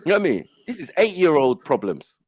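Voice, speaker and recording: A man's voice: on the high side, fast talker, slightly rough, no room sound. A middle-aged man, telling stories in casual panel chat and acting out the voices he quotes. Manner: animated storytelling, acts out voices in quotes. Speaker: panel host.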